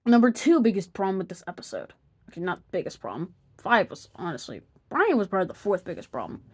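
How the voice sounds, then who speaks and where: A woman's voice: medium pitch, huge pitch swings, fast, husky. A woman narrating an opinion review of cartoon episodes, sarcastic and exasperated, sometimes dropping to a mutter.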